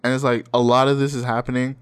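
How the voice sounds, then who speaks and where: A man's voice: mid-range voice, flat delivery, quick pace, smooth. A man in his twenties chatting casually, telling stories in a laid-back way, swearing freely and laughing often. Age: 20s. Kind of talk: casual chat.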